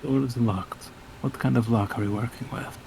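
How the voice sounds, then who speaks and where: A man at a tabletop game, talking at an ordinary pitch and working through his rolls out loud. A faint hum of noise sits behind him. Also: fairly even intonation, fairly quick, gravelly, poor audio. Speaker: player. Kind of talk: casual tabletop role-play.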